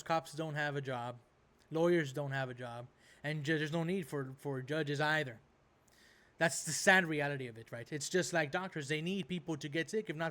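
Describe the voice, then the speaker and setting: A man's voice: fairly high pitch, fairly bright tone. Rambling man ranting with "right?". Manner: rambling, peppered with "right?" and "bro". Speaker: reaction video host. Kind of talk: casual ranting commentary.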